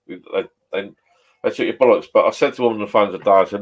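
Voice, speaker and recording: Bloke, fifties, low voice, a few beers in, rambling sweary chat in his pub shed. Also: fast talker. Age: 50s. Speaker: vlogger.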